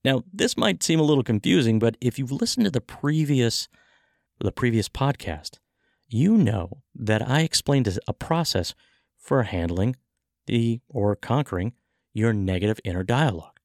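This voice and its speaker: A man with a gravelly, textured voice talks in an animated way, his pitch swinging up and down as he acts out conversations and coaches his listeners. The sound is close and dry, with no room around it. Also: normal speed, no room sound. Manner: animated storytelling, acting out dialogue. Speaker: podcast host, sales coach. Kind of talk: motivational podcast talk.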